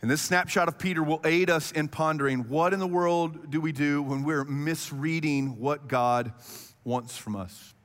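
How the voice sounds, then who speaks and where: A man preaching a sermon in an animated, conversational way, often clearing his throat. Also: medium pitch, big-room sound. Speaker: pastor.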